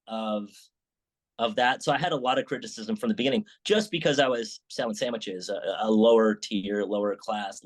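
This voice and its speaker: Animated man telling stories. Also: mid-range voice. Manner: animated storytelling with many restarts and acted quotes. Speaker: sandwich shop founder, guest. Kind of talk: casual interview chat.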